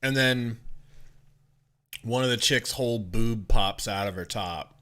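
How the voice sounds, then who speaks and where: A man's voice: fairly low pitch, unhurried, bright, forceful tone, clean tone. A young man co-hosting a podcast, laid-back and wry, retelling film scenes in casual chat during a live game. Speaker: podcast co-host.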